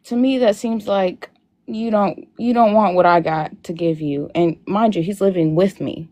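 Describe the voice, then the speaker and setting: A woman's voice: medium pitch, moderate pace, darkish tone. A young woman calling into a live Q&A over a video call, telling her story while crying, rambling with many fillers. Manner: tearful, rambling, frequent "like" fillers. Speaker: caller on a live Q&A. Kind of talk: emotional personal account.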